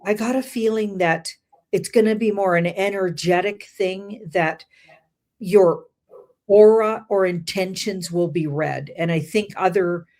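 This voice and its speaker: A woman's voice: medium pitch, unhurried, darkish tone. Hesitant woman tarot reader. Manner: hesitant, many fillers and restarts. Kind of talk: casual interview chat.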